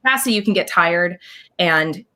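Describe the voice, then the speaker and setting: A woman guest talking in an animated, casual interview, scatting rhythms and acting out what others said. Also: lowish voice, unhurried. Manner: animated, scats dance counts, acts out quotes. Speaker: guest performer.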